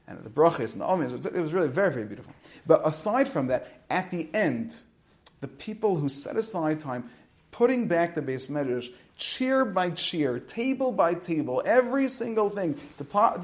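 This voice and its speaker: A rabbi in midlife gives a storytelling Torah talk to high school students. His voice sits a little high for a man. He swings from loud, animated telling to hushed asides.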